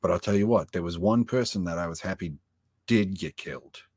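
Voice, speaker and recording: Deep-voiced, profane man ranting. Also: a little fast, husky, dry recording, clean studio sound. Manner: profane, animated storytelling. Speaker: podcast co-host. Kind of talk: casual review chat. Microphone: video call.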